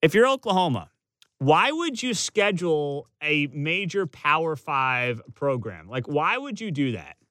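A man's voice: on the high side, big pitch swings, a little slow, a bit bright, no echo, clean studio sound. A man giving opinionated college football commentary as a sports talk host, emphatic and sarcastic, piling up rhetorical questions.

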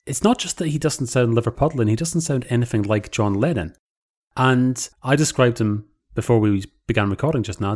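A man in a casual discussion, measured and deliberate, with dry humor. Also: lowish voice, a little mellow.

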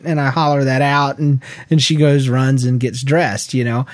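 A man in his thirties co-hosting a podcast in casual chat, telling stories with lots of restarts and quick laughs. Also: medium pitch, little pitch movement, dry recording. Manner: rambling storyteller with many restarts and laughs. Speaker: podcast co-host.

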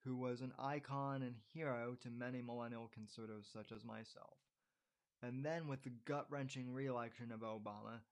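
A man's voice: medium pitch, steady tone, normal speed. A man in his twenties, a podcast host, reads his own essay aloud and breaks off for unscripted asides to his listeners, with frequent uh fillers. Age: 20s. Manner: addresses listeners as folks and ladies and gentlemen.

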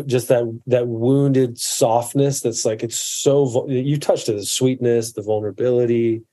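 A man's voice: mid-range voice, dark tone. A man in his forties talking earnestly as a coach in a casual podcast conversation, often stopping and restarting his sentences. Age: 40s.

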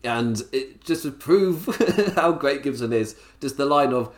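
A man reviewing a wrestling show in a casual solo podcast, chatty, enthusiastic and quick to laugh. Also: on the high side, expressive. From England.

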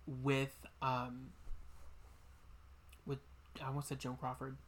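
A woman co-hosting a podcast, chatting casually and excitedly about a movie and acting out its lines. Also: very deep voice, takes it slowly. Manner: excitable, gushing, acts out quoted movie lines. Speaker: podcast co-host.

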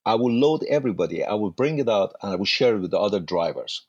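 Male guest, husky voice, animated storyteller, dry close sound. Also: fairly low pitch, fast, dry recording, dull audio. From Iran. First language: Farsi. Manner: animated anecdotes with acted-out dialogue. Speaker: interview guest, actor. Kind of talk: casual storytelling.

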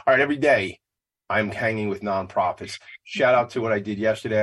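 A man's voice: on the low side, a little fast, a bit bright, breathy edge. A man, hosting a nonprofit podcast in a hyped, rambling, motivational monologue. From Long Island, New York. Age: 40s. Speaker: podcast host. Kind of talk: casual monologue.

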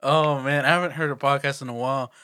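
A man's voice: medium pitch, steady tone, fast, pushed and bright, smooth, no echo, clean studio sound. A man co-hosting a podcast in casual chat, laid-back and laughing along with short replies. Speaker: podcast co-host.

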